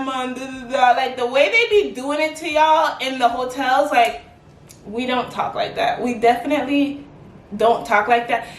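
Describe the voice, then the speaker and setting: A young adult woman chatting to camera in a casual vlog, animated and quick with "like" fillers. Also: high-pitched. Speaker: vlogger. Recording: echoey room, mic at a distance.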